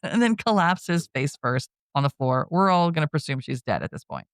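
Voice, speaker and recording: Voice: medium pitch, animated, normal speed, smooth, no echo, clean studio sound. A podcast co-host giving a casual scene-by-scene movie recap, acting out quotes and laughing often. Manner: retells scenes with acted-out quotes.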